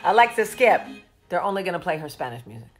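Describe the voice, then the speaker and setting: A woman's voice: fairly low pitch, big pitch swings, fast talker, soft background music. A woman, chatting casually and profanely as a vlog host. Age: 40s. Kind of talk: casual chat.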